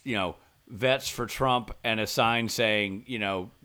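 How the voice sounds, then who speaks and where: A man, co-hosting a casual podcast chat and telling stories with animated, laughing delivery. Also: fairly low pitch, slow pace, smooth. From American South. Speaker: podcast co-host.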